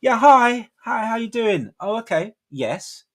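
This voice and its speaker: A man's voice: high voice, big pitch swings, a little slow, voice pushed up, full character voice. A man putting on his overly polite, pronounced work-call voice, as an eager office worker. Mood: chirpy polite. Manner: bright, pronounced and eager to please.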